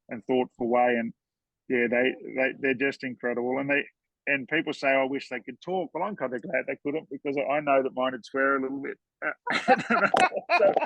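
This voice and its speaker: A man's voice: mid-range voice, no echo, muffled recording. A man guesting on a podcast, telling heartfelt stories in an earnest way and often repeating words as he goes. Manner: earnest, storytelling, repeats words when moved. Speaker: horseman guest.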